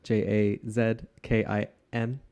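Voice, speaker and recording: A man's voice: on the low side, level tone, darkish tone. A Canadian man, one of the players, chatting casually with short interjections and easy laughter. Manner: quick interjections, laughs easily. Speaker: player and guest. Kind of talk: casual chat.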